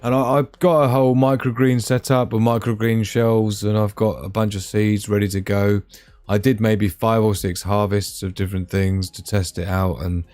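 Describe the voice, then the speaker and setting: A man's voice: fairly low pitch, darkish tone, no room sound. A man hosting a live stream, chatting to viewers in a rambling, casual way. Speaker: livestream host.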